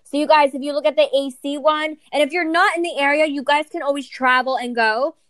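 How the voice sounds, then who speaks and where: A woman's voice: sits high, a little fast, fairly bright tone, dry recording. A young woman co-hosting a podcast, brash and swearing as she plugs live shows. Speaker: podcast co-host. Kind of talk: casual chat.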